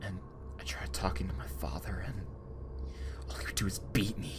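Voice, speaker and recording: A man in his twenties voicing a haunted, stammering teenage boy turned killer in a creepypasta monologue, with a hushed, whispery, gravelly voice. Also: deep voice, fairly even intonation, slow, noisy background, exaggerated voice. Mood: numb, grim. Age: 20s. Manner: stammering, numb then unhinged. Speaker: voice actor. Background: music.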